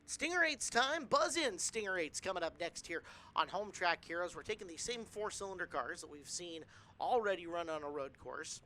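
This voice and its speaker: A man's voice: high voice, moderate pace, a little hiss or hum. A man commentating on a racing broadcast, hyping the next event with a joking manner. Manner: lively, joking hype. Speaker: race commentator.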